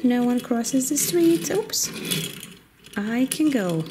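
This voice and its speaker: A woman's voice: on the high side, expressive, takes it slowly, pauses often, background noise. A woman playfully narrating a children's toy car game in a sing-song way, making car and animal noises.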